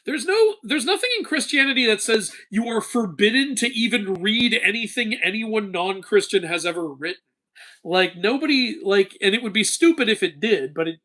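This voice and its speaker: A man with a high-sitting voice hosts a casual live-stream Q&A, reading questions from chat and answering animatedly. He laughs often and swears casually.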